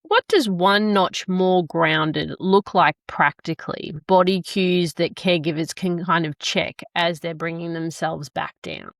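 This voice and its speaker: A woman's voice: lowish voice, steady tone, measured pace, vocal fry, few pauses, dry recording, studio quality. A woman hosting an interview, affirming her guest and asking practical follow-up questions. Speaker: podcast host.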